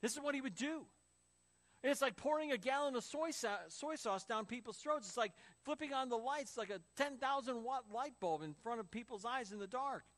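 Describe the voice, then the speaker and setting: High-voiced pastor preaching with lively stories. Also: male voice, a little fast. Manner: storytelling with acted quotes and laughs. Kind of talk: sermon.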